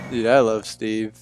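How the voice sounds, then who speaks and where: A young man chatting casually with viewers on a live stream from a room at home, laid-back and talkative, calling people "dude". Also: on the low side. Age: young adult. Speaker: livestreamer.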